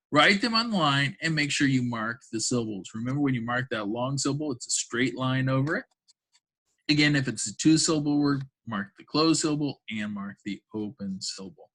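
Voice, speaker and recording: Bright-voiced man teaching phonics. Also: medium pitch. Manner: patient, explains step by step, frequent "okay?". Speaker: second grade teacher. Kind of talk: remote phonics lesson walkthrough.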